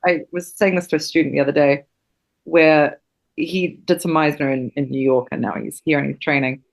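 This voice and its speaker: A woman's voice: deep voice, steady tone, a little fast, gravelly. A woman from New Zealand, a podcast guest who teaches acting, talking with passion and emphasis and swearing freely. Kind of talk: podcast interview.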